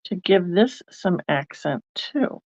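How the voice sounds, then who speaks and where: A woman's voice: on the low side, expressive, slow pace, a little mellow, dry recording, dull audio. A woman hosting a card-making video, chatting casually and thinking aloud as she works. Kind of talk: casual crafting demonstration.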